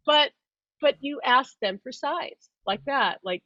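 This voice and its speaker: A woman's voice: high-pitched, normal speed, a bit bright, no room sound. A woman host and psychic medium talking casually, rambling and restarting her sentences, breaking into laughter often. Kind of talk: casual explanatory chat. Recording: dull dry lo-fi sound.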